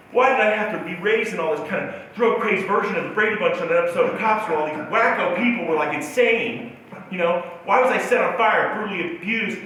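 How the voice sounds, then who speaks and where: A man's voice: high-pitched, bright, forceful tone, a little hiss or hum. A male motivational speaker telling a self-mocking personal story at a keynote talk in a large auditorium. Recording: echoey hall from far off.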